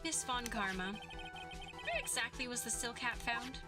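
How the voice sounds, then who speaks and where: A woman's voice: on the high side, lively intonation, unhurried, loud music behind the voice. A woman voicing an earnest young male defense lawyer in a video game, pressing a witness methodically.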